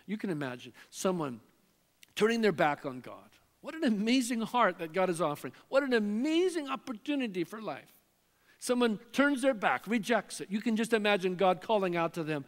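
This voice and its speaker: High-voiced man preaching in a reverberant church. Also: sing-song, normal speed. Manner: impassioned preaching, swinging from loud calls to hushed near-whispers. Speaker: pastor. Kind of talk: sermon. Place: church sanctuary. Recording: long hall reverb in a church sanctuary.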